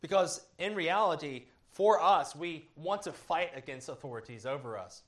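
A man preaching as a pastor, earnest and measured, with occasional fillers as he explains. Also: on the high side. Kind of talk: sermon teaching.

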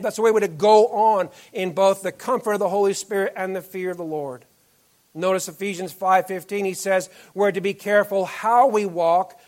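High-voiced male pastor preaching earnestly. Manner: earnest preaching, drops to soft low tones on key phrases. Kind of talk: sermon.

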